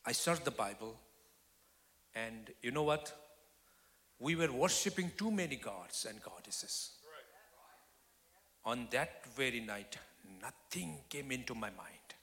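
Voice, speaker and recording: Man, guest preacher, bright forceful tone, testimony sermon swinging between loud and whispered, church hall reverb. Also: medium pitch, expressive, takes it slowly, pauses often. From Nepal. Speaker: guest speaker.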